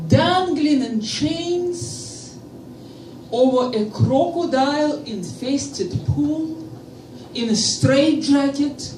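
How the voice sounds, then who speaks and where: A woman with a Russian accent performing a stand-up comedy set, with a slow, deliberate delivery and playful pauses. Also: high voice, darkish tone, a little hiss or hum. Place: comedy stage before a live audience. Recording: roomy live venue, from a distance.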